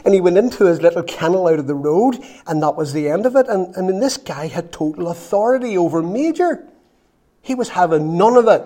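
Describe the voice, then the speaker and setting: A man preaching a sermon, telling a story with lively acted-out quotes. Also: high voice, a little fast. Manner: storytelling, animated, acts out quotes.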